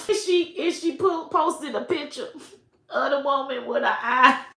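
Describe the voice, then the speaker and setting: A woman comedian tells a raunchy, profane story at a slow, unhurried pace, laughing between her lines. Her voice is bright and forceful, and it rings off the walls of an echoey room. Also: high-pitched.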